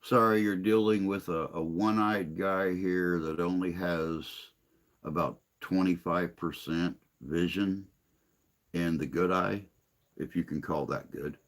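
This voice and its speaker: A man's voice: deep voice, steady tone, measured pace. An older man hosting a casual livestream chat, reading viewer comments aloud in a rambling, self-deprecating way.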